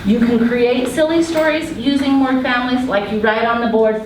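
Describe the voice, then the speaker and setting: A woman's voice: on the high side, animated, moderate pace, hardly any pauses. A woman talks casually through classroom reading ideas and reads little children's passages aloud in a sing-song way. She sounds distant, in a very echoey room with faint background noise. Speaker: education student presenting. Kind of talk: classroom presentation.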